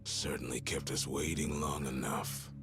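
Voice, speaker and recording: An actor playing a menacing, mocking male yakuza lieutenant in a video game, taunting slowly and deliberately. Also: rumbling low, fairly even intonation, a bit bright, full character voice. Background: game music.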